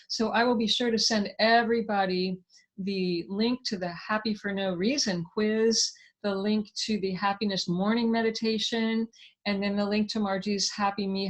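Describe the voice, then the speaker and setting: A woman hosting a live online talk, effusive and enthusiastic, reading viewer comments aloud and thanking her guest. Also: medium pitch. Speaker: host. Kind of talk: live online interview wrap-up.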